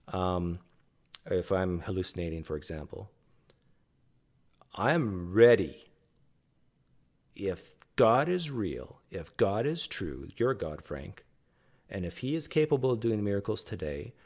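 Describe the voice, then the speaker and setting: A man's voice: fairly low pitch, a little mellow. A man hosting a reaction video, arguing casually and addressing the speaker in the clip directly. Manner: argumentative, talks back directly to the speaker on screen. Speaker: video host reacting to clips.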